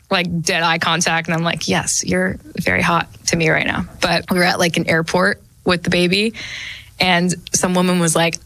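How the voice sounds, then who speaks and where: A young woman with a bright, clear voice tells stories as a guest on a radio talk show, switching into little voices for the people she quotes. The sound is dry and close, as from a studio microphone. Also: lowish voice, brisk, no room sound, poor audio. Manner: animated storyteller, acts out quoted voices. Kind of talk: casual chat.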